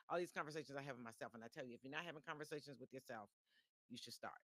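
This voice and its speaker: A woman's voice: low-pitched, expressive, very fast, pushed and bright, dry recording. Woman doing a motivational podcast live from home, chatty, repeats herself lots, dry close sound. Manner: chatty, repeats phrases, frequent restarts. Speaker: podcast host. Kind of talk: motivational live-stream monologue.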